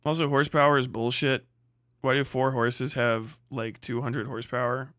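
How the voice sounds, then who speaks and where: A man's voice: medium pitch, moderate pace, no room sound, clean studio sound. A man hosting a livestream, ranting and mocking with constant swearing. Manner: swearing heavily, mocking, animated. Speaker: livestream host. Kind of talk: profane livestream rant.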